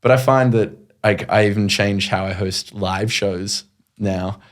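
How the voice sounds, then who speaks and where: Animated man telling stories on a podcast. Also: lowish voice. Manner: animated, quick, acts out his own past lines. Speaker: guest, TV and radio presenter. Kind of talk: conversational storytelling.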